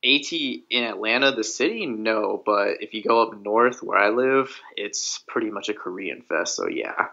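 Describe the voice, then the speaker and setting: Low-key man on lo-fi audio. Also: animated, moderate pace, vocal fry, few pauses, bright, forceful tone. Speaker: podcast co-host. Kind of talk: casual podcast chat. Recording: slightly dull lo-fi audio.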